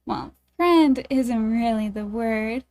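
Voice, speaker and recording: A woman's voice: fairly high pitch, takes it slowly, a little mellow. A woman streaming a dating game, reading it aloud and chatting with her viewers in a bubbly, giggly, self-deprecating way.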